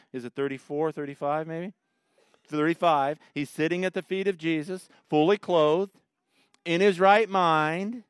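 A man's voice: medium pitch, clean tone, no room sound, clean studio sound. A man teaching a Bible study in a folksy, joking way, telling stories between verses. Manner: folksy storytelling with lively jokes. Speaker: pastor leading a Bible study.

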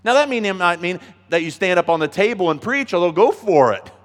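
A man preaching a sermon as pastor, earnest and emphatic, dropping to soft asides and rising to loud stresses. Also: high voice, expressive, a little fast. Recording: long hall reverb.

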